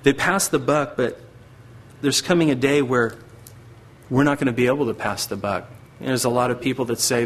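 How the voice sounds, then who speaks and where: A man's voice: medium pitch, normal speed, slight background noise. Earnest male pastor preaching. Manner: earnest, acts out voices of God and Satan. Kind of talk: sermon.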